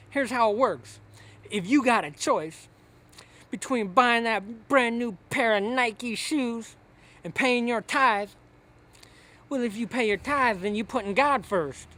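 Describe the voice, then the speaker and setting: A man's voice: high-pitched, fairly bright tone. A man giving a brash, slangy comic sermon, lecturing listeners in a preachy rant. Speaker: satirical preacher character.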